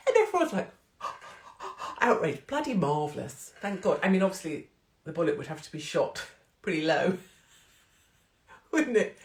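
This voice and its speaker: Woman, lower pitch, provocative livestream host, chatty and giggly, echoey phone audio. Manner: cheeky, provocative, chatty, laughs often. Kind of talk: casual chat to a live audience. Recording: roomy echo.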